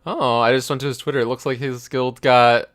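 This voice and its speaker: Man, podcast co-host, smooth clear voice, quick teasing asides, casual. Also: mid-range voice, steady tone, fairly bright tone. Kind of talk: casual gaming chat.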